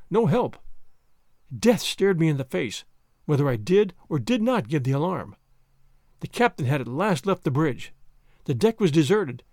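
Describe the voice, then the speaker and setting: A man reading a story aloud as narrator, expressive and dramatic. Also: a little high, dry recording, clean studio sound. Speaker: audiobook reader.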